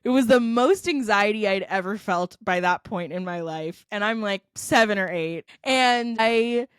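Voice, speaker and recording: A woman's voice: mid-range voice, measured pace, clean tone, no echo, clean studio sound. A young adult woman from California, a company founder telling a heartfelt personal story in a podcast interview. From California, United States. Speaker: guest, edtech company founder.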